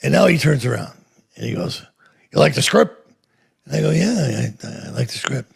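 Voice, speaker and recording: Man, gravelly and raspy, storytelling, acts out quoted dialogue, lively pitch. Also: brisk. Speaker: interview guest. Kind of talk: anecdotal storytelling.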